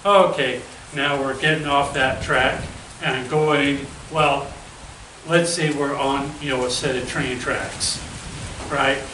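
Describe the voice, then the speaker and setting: A man's voice: medium pitch, fairly even intonation, slow pace, sharp tone, a little hiss or hum. A man hosting a casual livestream, rambling and asking leading questions. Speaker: host. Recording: roomy, far from mic, rain behind.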